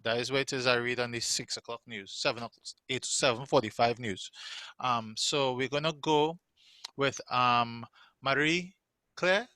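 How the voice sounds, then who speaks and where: Man, host of an online show, teasing and playful, bright tone, dry close sound. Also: mid-range voice, moderate pace, no room sound. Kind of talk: hosting an online live show.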